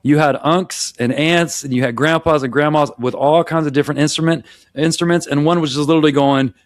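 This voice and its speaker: A man's voice: fairly high pitch, steady tone, fairly quick, no echo. American man talking rhythm, dry sound. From United States. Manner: demonstrative, counts beats and vocalizes rhythms aloud; conversational, with frequent restarts. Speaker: podcast co-host. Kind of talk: casual discussion.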